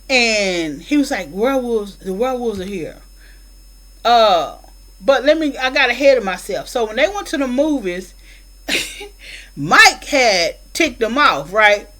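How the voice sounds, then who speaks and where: A woman's voice: a little high, a bit bright, low-quality recording. A woman casually retelling a movie plot, rambling with many fillers and acted-out quotes, with features. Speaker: film reviewer.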